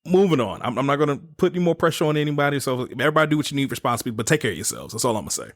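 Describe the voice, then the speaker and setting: A man's voice: mid-range voice, very animated, racing. A man in his thirties hosting a podcast, telling stories casually, swearing freely and laughing between phrases. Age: 30s. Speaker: podcast host. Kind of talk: casual storytelling chat.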